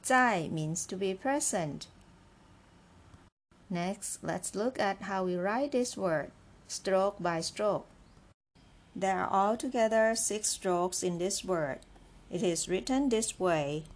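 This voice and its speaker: A woman teaching a beginner language lesson, speaking slowly and patiently, repeating words and checking in with "right?". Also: fairly low pitch, expressive. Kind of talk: slow, clear classroom lesson.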